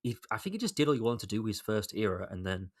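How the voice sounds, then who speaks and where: Very animated and quick, this young solo podcaster speaks in a low voice, cursing often. His exasperated, rambling commentary keeps doubling back over its own sentences.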